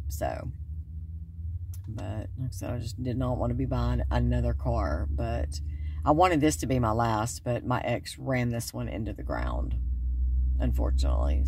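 A woman's voice: a bass voice, gravelly, warm tone, slight background noise. A woman chatting and joking to viewers in a casual vlog, filmed on a phone in and around her car. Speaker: vlogger. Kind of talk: casual chat to camera. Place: in and around a car, going into a store.

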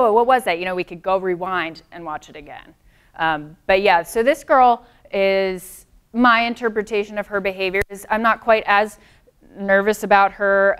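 A woman with a smooth, resonant voice leads a seminar on dog behavior. She explains things patiently and picks up on comments from the audience. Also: medium pitch. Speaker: dog trainer. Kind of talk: presenting a live seminar.

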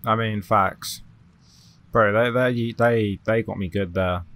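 A man with a Southern English accent and Australian slips, chatting excitably through a game and swearing a lot. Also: lowish voice, slow pace. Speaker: let's play host. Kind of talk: casual gameplay commentary.

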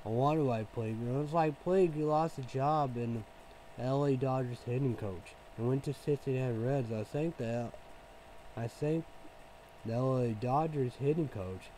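Man, casual rant, rambling and swearing, dark mellow tone, faint background hiss. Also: medium pitch, poor audio. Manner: rambling, profane, full of "you know" fillers. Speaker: vlogger.

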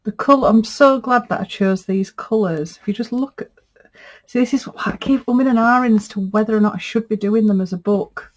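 A woman's voice: on the high side, a little fast. A middle-aged woman, a textile artist, chatting casually as she looks over fabric pieces, gushing and easily moved. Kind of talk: casual unboxing chat.

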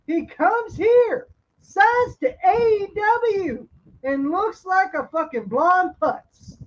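A woman's voice: very high-pitched, animated, slow. A woman co-hosting a wrestling podcast, ranting bluntly with lots of swearing. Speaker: podcast co-host. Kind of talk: profane wrestling podcast rant. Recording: dull lo-fi podcast audio.

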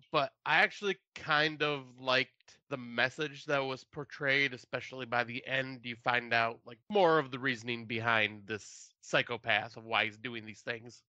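A man's voice: medium pitch, sharp tone, smooth, dry recording, dull audio. A man co-hosting a podcast, giving casual movie reviews with dry, self-mocking humor. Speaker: podcast co-host.

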